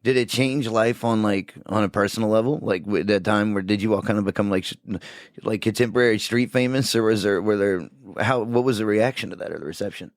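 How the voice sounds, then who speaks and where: Male podcast co-host, low pitch, easygoing questions, dry sound. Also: brisk, dry recording. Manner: hesitant, loosely phrased questions. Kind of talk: casual interview questions.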